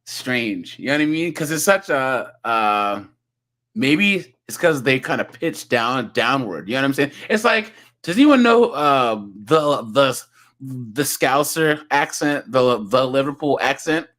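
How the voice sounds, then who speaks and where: A man's voice: mid-range voice, animated, measured pace, fairly bright tone. A young man hosting a live reaction stream, chatting loosely with his viewers and laughing often. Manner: chatty, laughing, addresses chat as guys and dude. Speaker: reaction video host. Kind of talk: casual live-stream commentary.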